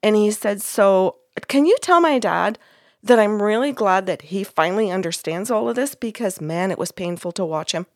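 A woman's voice: medium pitch, lively intonation, normal speed, no room sound. A woman podcast host retelling a session in casual chat, acting out the quoted dialogue.

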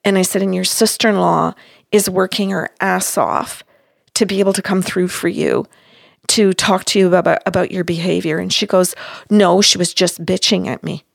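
Gravelly lady in her 60s, counselor type, telling how a session went, plays both sides, pretty firm. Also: lowish voice, steady tone, normal speed, no echo, studio quality. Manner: acts out both sides of a dialogue, firm and emphatic. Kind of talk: storytelling, recounting a session.

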